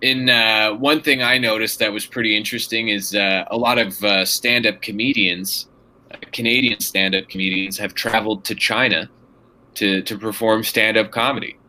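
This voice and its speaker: A man chatting casually, halting with many fillers and restarts. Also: lowish voice, steady tone, bright, forceful tone, rough recording. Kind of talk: casual chat.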